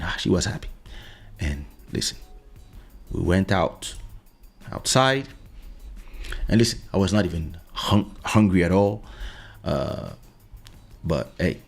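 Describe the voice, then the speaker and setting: Podcast host, middle-aged man, low and gravelly, casual storyteller, faint music bed. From France. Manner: storytelling, repeats "listen" often. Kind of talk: casual monologue.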